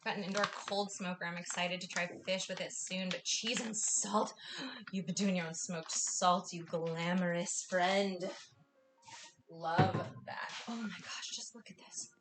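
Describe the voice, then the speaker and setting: A woman's voice: on the low side, fairly even intonation, a little slow, background noise. A young woman hosting a live cooking class, chatting with her viewers in an effusive, gushing way. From US Northwest. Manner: bubbly and effusive, gushing often.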